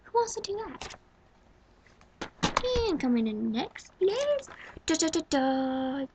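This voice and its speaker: A young woman in her twenties chats through her favorite movies in a casual vlog, her voice sitting a little high with a gravelly edge. She gushes freely and swings between loud exclaiming and hushed, breathy whispers. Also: sing-song, takes it slowly, background noise. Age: 20s. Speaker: vlogger.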